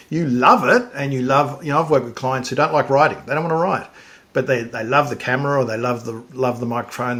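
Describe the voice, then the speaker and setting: A man's voice: medium pitch, fairly bright tone. A man hosting a podcast interview, talking casually with frequent restarts and fillers. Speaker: podcast host.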